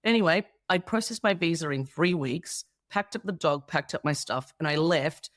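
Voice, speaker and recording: A woman's voice: low-pitched, normal speed, dry recording, clean studio sound. An Australian woman in her thirties, a guest comedian in a casual interview chat, telling stories with animation and acting out the people she quotes.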